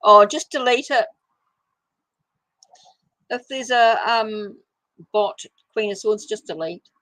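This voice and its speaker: A woman's voice: mid-range voice, slow pace, fairly bright tone, dry recording. A woman with a New Zealand accent giving a casual tarot reading on a livestream, thinking aloud as she draws cards. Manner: chatty, thinks aloud while drawing cards. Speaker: tarot reader.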